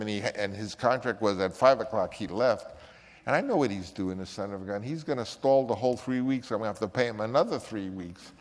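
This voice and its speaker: A man's voice: fairly low pitch, fast talker, big-room sound. An older man, a film director, telling rambling anecdotes with frequent restarts. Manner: rambling, with many restarts and acted quotes. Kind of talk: casual anecdote.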